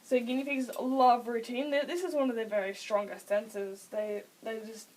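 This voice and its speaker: A woman's voice: fairly high pitch, steady tone, normal speed, darkish tone, distant mic, slight background noise, poor audio. A teenage girl casually explaining how to train pets, rambling, interrupting herself and giggling between points. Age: late teens. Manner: chatty, self-interrupting, giggly asides. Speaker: vlogger explaining pet training.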